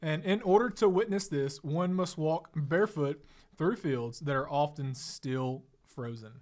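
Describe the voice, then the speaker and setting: A man co-hosting a casual podcast, playful and reading aloud slowly. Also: on the high side, darkish tone. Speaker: podcast co-host. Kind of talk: casual chat.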